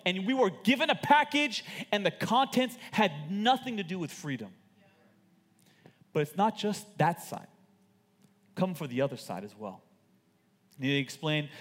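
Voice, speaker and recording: A man preaching a sermon as a pastor, animated and emphatic with joking stories, in a large church auditorium. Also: on the high side. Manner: animated, emphatic, jokey storytelling. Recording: long hall reverb.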